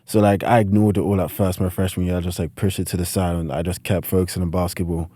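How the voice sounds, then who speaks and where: Rambling quickly through casual interview stories, a young British man in his late teens talks in a low, dark, flat voice, sprinkling "like" everywhere. His accent is British with some American influence. He's a podcast guest and student athlete, recorded with no room sound.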